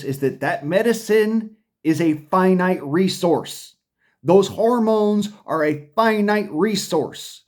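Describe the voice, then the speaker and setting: A man's voice: a little high, a little mellow. A man delivering a profane, combative ranting monologue to camera, often stumbling and restarting his sentences. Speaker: vlogger.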